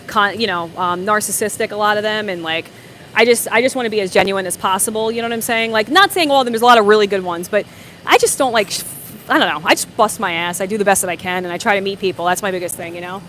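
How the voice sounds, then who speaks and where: A woman chats on a live stream. She talks at a middling pitch, and her stories wander through restarts and "you know what I'm saying." Faint traffic hums somewhere behind her. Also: fast talker, fairly bright tone. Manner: rambling storyteller, frequent fillers and restarts. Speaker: livestream host. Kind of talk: casual livestream chat, answering viewer comments.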